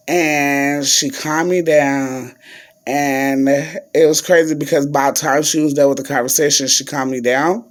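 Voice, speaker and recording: A woman's voice: rumbling low, unhurried. A young woman vlogger, chatting to viewers, full of fillers and y'all. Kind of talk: casual storytelling to viewers.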